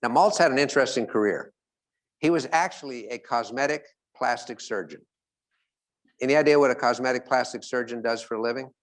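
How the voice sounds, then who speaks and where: This mid-range male voice belongs to a motivational speaker addressing a live crowd. He shares stories, asks the audience questions, and eases his pace when hitting important points.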